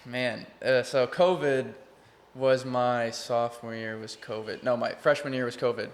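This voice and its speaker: A young Texan man, mid-pitched, who tells his story earnestly. He rambles, restarts his sentences, and leans on "like" as he goes. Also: fairly even intonation, measured pace. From Texas. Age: young adult. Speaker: college baseball player, guest. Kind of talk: casual interview chat.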